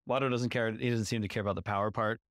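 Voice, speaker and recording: A man's voice: fairly low pitch, no echo, clean studio sound. A man co-hosting a podcast in casual discussion, upbeat and engaged as he talks through scenes. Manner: upbeat, engaged, animated when retelling scenes. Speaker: podcast co-host.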